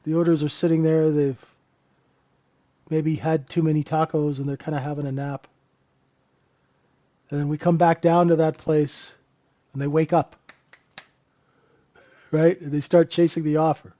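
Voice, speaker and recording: A man's voice: on the high side, flat delivery, measured pace, long pauses, warm tone, highs cut off. A man hosting a live trading room, giving casual, joking market commentary and answering viewers by name. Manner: chatty, joking, talks to chat viewers by name.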